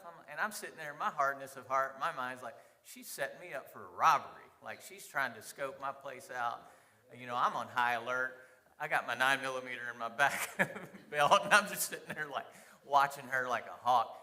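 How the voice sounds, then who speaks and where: A man teaching a church Sunday class, telling a story in an animated way, often laughing and acting out the lines of the people in it. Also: medium pitch, in a large hall. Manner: animated, laughing, acts out quoted dialogue.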